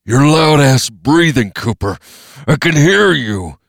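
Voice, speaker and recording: A feverish young man, half out of his head, pushed up high and loud over his usual register, as a male narrator puts him on. His voice stays strained and unsteady, dry and close to the mic. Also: a little slow, no echo, close to an everyday voice. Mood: menacing. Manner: loud and strained, turning from rage to pleading.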